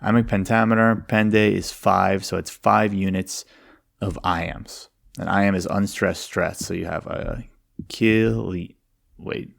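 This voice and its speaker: A man's voice: low voice, steady tone, unhurried, creaky. A man giving an explanatory lecture on classical verse, reading lines aloud and tapping out the meter syllable by syllable.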